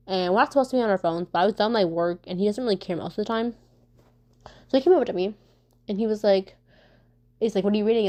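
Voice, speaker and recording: A woman vlogger answers viewer questions in casual, rambling chat, her mellow, medium-pitched voice racing ahead. She stumbles and stutters, filling her animated storytelling with fillers and restarts.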